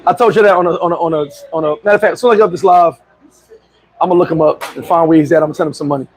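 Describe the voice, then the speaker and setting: A middle-aged man telling a story casually on a livestream, boastful and animated, laughing and swearing often. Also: a little high, very fast, no room sound, rough recording. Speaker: vlogger.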